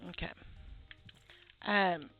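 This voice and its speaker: A woman in a drowsy, laid-back voice, chatting through her gameplay as she builds up a shop. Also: drawn-out words. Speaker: gameplay video host. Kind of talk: relaxed gameplay commentary. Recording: tinny phone-like audio with faint game music.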